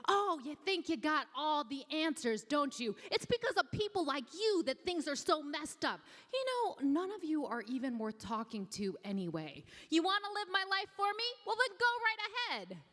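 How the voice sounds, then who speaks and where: A woman voicing an upset little girl who lashes out through tears, shrill and accusing. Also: big pitch swings, moderate pace, hardly any pauses, fairly bright tone. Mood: tearful anger. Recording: long hall reverb.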